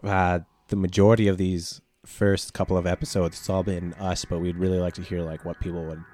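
Deep-voiced male co-host, hesitant. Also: little pitch movement, fairly quick, mellow. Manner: hesitant, with lots of "like" and "uh". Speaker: podcast co-host. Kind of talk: casual movie chat.

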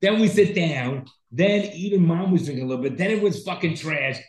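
A man's voice: fairly high pitch, expressive, fairly quick, darkish tone, echoey room, rough recording. A man co-hosting a podcast, telling a long story in a rambling, profane, casual way. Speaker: podcast co-host. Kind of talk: casual chat.

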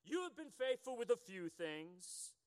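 A man in his fifties reading the part of a stern master of servants, with dramatic swings in pitch. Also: big pitch swings, unhurried, a little mellow, smooth, in a large hall, full character voice. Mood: approving.

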